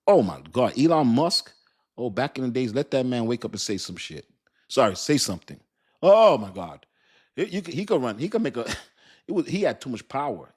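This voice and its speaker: Middle-aged man, casual livestream host, highly animated pitch, laughing and cursing.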